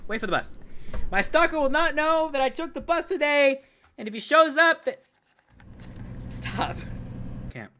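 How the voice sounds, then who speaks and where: A woman hosting a horror game let's play, talking loudly and excitably, swearing and laughing as she plays. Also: sits high, unhurried, pauses often. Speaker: gaming video host. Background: game music.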